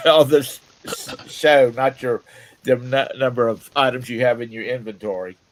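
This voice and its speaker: A man's voice: medium pitch, steady tone, normal speed, slight background noise, rough recording. A man co-hosting a casual live stream, talking in an easygoing way and laughing often. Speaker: co-host. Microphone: desk mic.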